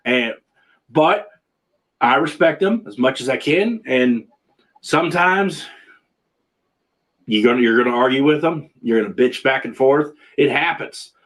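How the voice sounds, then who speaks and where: A man's voice: medium pitch, animated, a little slow, pauses often, fairly bright tone. A man hosting a casual video-call chat, rambling and restarting his sentences often. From Pennsylvania. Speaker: podcast host.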